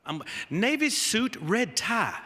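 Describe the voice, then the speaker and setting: A man's voice: high-pitched, sing-song, normal speed, pushed and bright, voice pushed up, heavily acted. A man imitating a curt older Southern coach. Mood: stern. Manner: curt, repeating orders. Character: stern older male head coach, Southern drawl. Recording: long reverb of a large hall.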